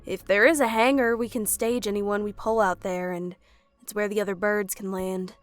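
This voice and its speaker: A woman's voice: mid-range voice, fairly even intonation, normal speed, no room sound, soft background music, close to an everyday voice. A woman voicing a determined young female agent with a dry, tense manner.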